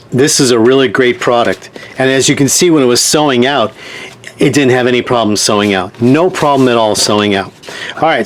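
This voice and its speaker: A man's voice: medium pitch, a little hiss or hum. A man teaching a hands-on sewing demonstration in a chatty way, often checking in with his viewers. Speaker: sewing instructor.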